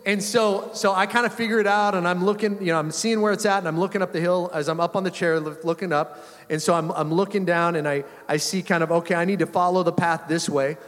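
A male pastor preaching a sermon in a relaxed, conversational way, telling a story with frequent chuckles. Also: sits high, fast talker. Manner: conversational, animated, chuckling often. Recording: long reverb of a church hall.

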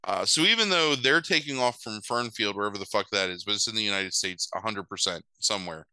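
Man, podcast co-host, lively sarcastic storytelling, very bright voice, dry close sound. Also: on the low side, fast, clear, resonant tone, no room sound, low-quality recording. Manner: animated, profane, sarcastic storytelling. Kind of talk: casual chat recapping a movie.

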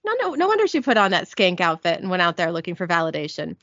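A woman's voice: lowish voice, huge pitch swings, fast talker, fairly bright tone, no room sound, full character voice. A woman reading out the lines of a brash male investigator in her own voice, dull lo-fi audio. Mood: blunt.

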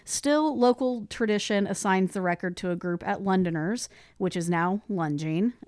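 A woman's voice: mid-range voice, normal speed, a little mellow, no room sound. A woman on a casual podcast reads out history notes in a mid-range voice, breaking off into offhand, laughing asides. The sound is dry and close to the mic. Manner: reads facts then adds offhand asides, laughs often. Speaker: podcast co-host. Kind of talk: casual chat, reading history notes aloud.

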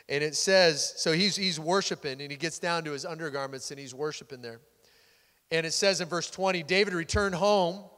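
A man preaching a sermon, telling a scripture story with animated, loud swells into worship. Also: fairly high pitch, big-room sound. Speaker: pastor.

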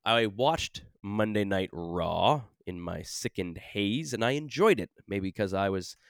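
A man's voice: lowish voice, animated, unhurried, gravelly, no room sound, studio quality. A man from Canada, co-hosting a podcast in rambling, joking casual chat. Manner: rambling, joking, laughs often. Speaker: podcast co-host.

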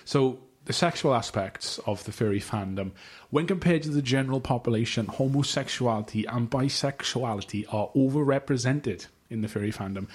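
This is a man hosting a relaxed podcast chat, reading aloud from his notes. He rambles, swears casually and trips over long words. His voice sits at an ordinary middle pitch. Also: husky. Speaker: podcast host.

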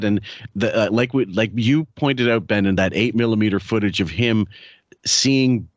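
A man's voice: lowish voice, normal speed, no room sound, dull audio. A man co-hosting a podcast who talks casually, like a sales coach giving advice. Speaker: podcast co-host. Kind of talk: casual chat.

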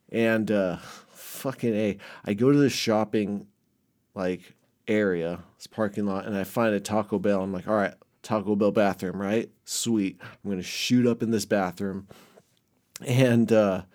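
A man casually telling a rambling, heavily profane story about his past, with many restarts, swinging between muttered asides and loud bursts. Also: lowish voice. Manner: rambling, heavy swearing, frequent restarts.

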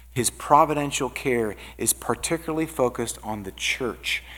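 Earnest man preaching a sermon. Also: medium pitch. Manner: earnest preaching, lively rises on quoted scripture. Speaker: pastor.

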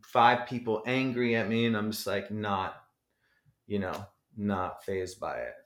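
A man from New Jersey, a rapper guest, talking in a rambling, animated way and swearing freely in a casual interview. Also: on the low side, measured pace. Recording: echoey room.

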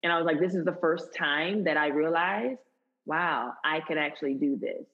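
A lively woman guest with a low-pitched, husky voice tells a story in a relaxed interview. She laughs easily and acts out the people in it. The recording sounds dull and lo-fi. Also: normal speed.

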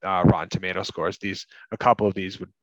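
Man from Massachusetts, podcast co-host, low-ish voice, chatty and filler-heavy, slightly muffled dry recording. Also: level tone, fast talker, dry recording. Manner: rambling, lots of fillers like "like" and "you know". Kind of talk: casual movie podcast chat.

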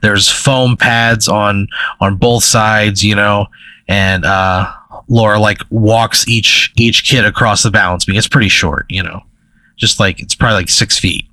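Bright-voiced young man rambling a made-up story. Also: on the low side, steady tone, unhurried, no room sound, low-quality recording. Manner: rambling, full of "like" and "you know". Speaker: podcast co-host. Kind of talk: improvised storytelling.

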